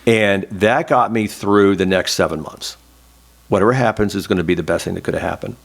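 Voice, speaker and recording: Low-voiced man telling an emotional story. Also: a little fast, vocal fry. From Oklahoma. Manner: emotional, candid storytelling, close to tears. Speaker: interview guest, former state senator. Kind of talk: oral history interview.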